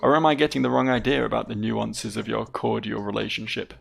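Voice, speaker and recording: A man with a gravelly voice plays a young nobleman's son in a video game, an anxious, brooding figure. He reads earnestly and dramatically with high lifts, though his pitch otherwise moves little, at a brisk pace.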